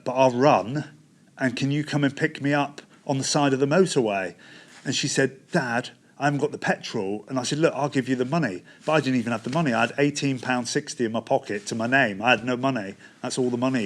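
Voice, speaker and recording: Middle-aged Devon man, plain testimony storytelling, acts out quoted dialogue, halting restarts. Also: mid-range voice. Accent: Devon English. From England. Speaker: testimony speaker.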